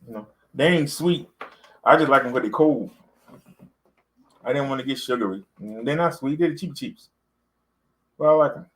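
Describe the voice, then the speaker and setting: A man's voice: mid-range voice, normal speed, long pauses, rough recording. Rambling man vlogging in casual talk. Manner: rambling, conversational, with fillers and repeats.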